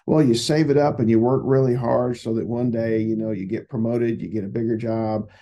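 A man's voice: mid-range voice, fairly even intonation, fairly quick, lo-fi sound, natural voice. A man voicing a pushy male railroad boss in a told story, coaxing and upbeat.

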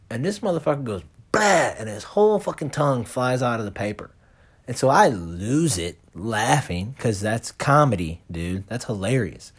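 Profane, animated young man telling a story. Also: mid-range voice. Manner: animated, profane, slangy, rambling. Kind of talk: casual storytelling.

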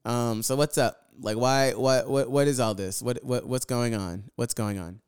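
A man's voice: medium pitch, steady tone, moderate pace, a little mellow, clear, resonant tone. A young man telling viewers a storytime rant about his roommate, exasperated and profane, repeating phrases for emphasis. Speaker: vlogger.

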